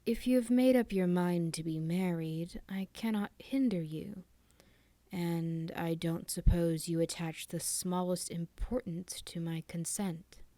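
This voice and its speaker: A woman voicing a malicious dying old aristocrat, speaking slowly in a hushed, menacing whisper. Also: on the low side, dry recording. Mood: cold.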